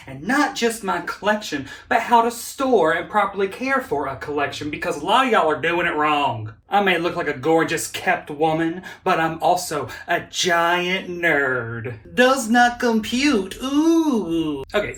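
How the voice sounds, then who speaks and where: A man in drag as a drag queen, hosting a comedic vlog from his home office in a sassy, theatrical manner that swoops up into high exclamations. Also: fairly bright tone. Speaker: drag queen comic vlogger. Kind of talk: campy comedic vlog monologue.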